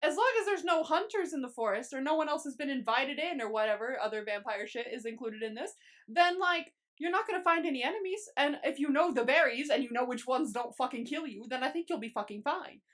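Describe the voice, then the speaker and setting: A young woman co-hosting a podcast, chatting casually and swearing freely as she recaps a series. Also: high-pitched. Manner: swears a lot, quick and animated. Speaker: podcast co-host.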